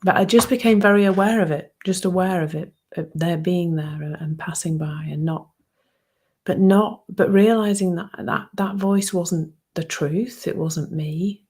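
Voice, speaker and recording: A woman in her fifties giving a soft-spoken, reflective personal talk that often sinks to a hushed near-whisper. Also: on the low side, a little slow, slightly rough. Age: 50s. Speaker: speaker sharing a personal reflection.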